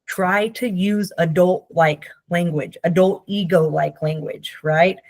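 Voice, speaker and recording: A woman's voice: on the low side, steady tone, slow, darkish tone, dry recording. A woman therapist explaining ideas in a casual, conversational teaching style, often checking in with "Okay?" and playfully acting out the people she quotes. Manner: acts out quoted voices playfully.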